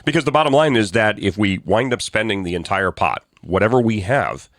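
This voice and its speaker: A man's voice: fairly low pitch, lively intonation, a little fast, fairly bright tone, dry recording, clean studio sound. A man co-hosting a political talk show, blunt and sarcastic, ranting with frequent restarts. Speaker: co-host.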